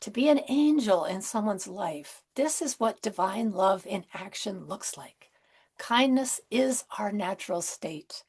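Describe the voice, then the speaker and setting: A woman minister giving a Christmas sermon in a gentle, conversational way, with soft asides and rhetorical questions. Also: mid-range voice, animated, measured pace, husky.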